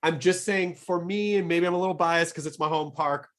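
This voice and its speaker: A man's voice: a little high, a little fast, a bit bright. A middle-aged man hosting a podcast, chatting eagerly and rambling through his thoughts with frequent restarts. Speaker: podcast host. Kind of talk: casual interview chat.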